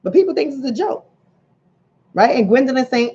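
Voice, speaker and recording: A woman with a New York–New Jersey accent talks on a casual livestream with an animated storytelling manner. Her voice is husky and a little high. It comes through a dull, lo-fi recording. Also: fast talker. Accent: New York–New Jersey area. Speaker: relationship coach and livestream host. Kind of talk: casual livestream talk, reading viewer comments. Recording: dull lo-fi audio.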